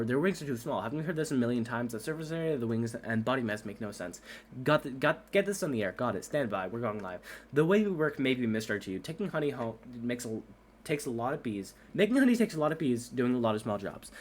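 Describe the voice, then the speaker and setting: A man reading a whole movie script aloud at breakneck speed for laughs, doing every character in his own voice and tripping over words. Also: mid-range voice. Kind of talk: rushed comedic script reading.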